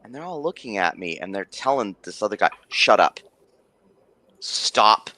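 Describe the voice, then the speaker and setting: A man's voice: lowish voice, big pitch swings, fast, fairly bright tone, a little hiss or hum. A man who runs tabletop games, telling a story in casual stream chat, rambling with many restarts and fillers. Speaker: game master.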